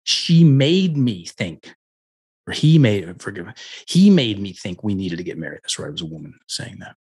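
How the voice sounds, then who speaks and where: A middle-aged coach speaks as a guest on a podcast through a headset mic, his voice low and slightly husky. He tells his stories with animation and acts out each character's lines as he goes. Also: sing-song, normal speed, a little mellow. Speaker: guest, personal development coach. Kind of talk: storytelling in a podcast interview.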